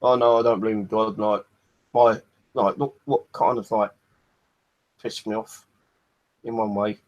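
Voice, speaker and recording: A man's voice: lowish voice, little pitch movement, measured pace, highs cut off. A man rambling in a casual vlog, swearing freely and padding his talk with fillers, hot and thirsty. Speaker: vlogger.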